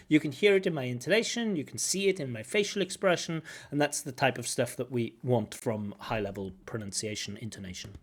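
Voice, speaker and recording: Guy explaining test feedback, lively and expressive, over a video call. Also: mid-range voice, fairly quick, hardly any pauses, breathy edge. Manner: animated, acts out intonation with singsong syllables. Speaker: IELTS examiner giving feedback. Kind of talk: spoken feedback on a recorded test.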